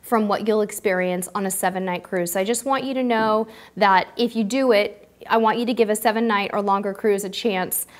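A woman's voice: medium pitch, fairly even intonation, a little fast, hardly any pauses. Woman hosting a cruise q&a live stream, chatty and gushing thanks at viewers. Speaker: cruise show host. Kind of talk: live-stream Q&A, casual chat.

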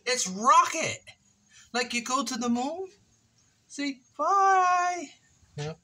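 A man's voice: extremely high pitch, very animated, a little slow, pushed and bright. A man chatting casually to his viewers while building a wooden project at his kitchen table, playful and joking at himself. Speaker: woodworking vlogger.

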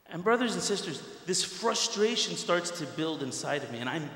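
A middle-aged man giving a Friday sermon, telling a personal story in an animated way and speaking straight to the congregation. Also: fairly high pitch, normal speed. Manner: animated storyteller who addresses the congregation directly. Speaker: preacher. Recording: echoey hall with long reverb.

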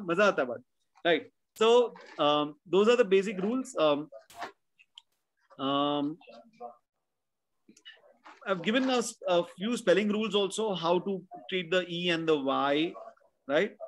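A man's voice: high-pitched, lively intonation, moderate pace, pauses often, a little hiss or hum. A man with an Indian English accent teaching pronunciation in an online class, checking in with "right?" after his points. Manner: explanatory, drills words by repetition, frequent "right?" checks. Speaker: spelling bee tutor.

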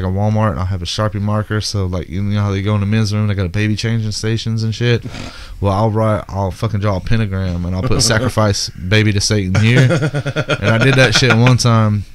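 A man's voice: on the low side, fairly quick. A man co-hosting a podcast, telling crude comedy club stories with lots of profanity and acting out the people in them. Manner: profane, animated, acts out voices in his stories. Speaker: podcast co-host, stand-up comic. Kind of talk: crude comedic storytelling chat.

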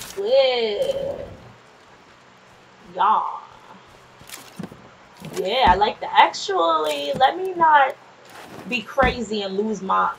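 A woman casually commenting on her gameplay, chatty and quick to swear, often laughing and talking back to the game's characters. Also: a little high, expressive, gravelly, slight background noise, poor audio. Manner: nervous and jumpy in scary moments. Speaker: gameplay streamer. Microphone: desk microphone.

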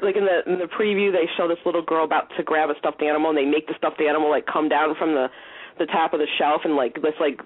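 A man hosting a casual call-in radio chat, excitable and giggly, with many filler words. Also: a little high, no room sound. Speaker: host. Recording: tinny phone-line sound.

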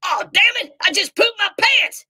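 An actor voicing a confused elderly male president in a parody sketch, who stammers and repeats words slowly. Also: very high voice, expressive, background noise. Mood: rambling.

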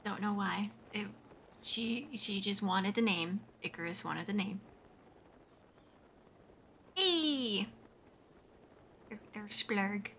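Slow, bright-voiced giggly woman streamer. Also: medium pitch, lively intonation, slight background noise. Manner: giggly, rambling, many "like" fillers. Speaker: game streamer. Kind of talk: casual live-stream chat while playing.

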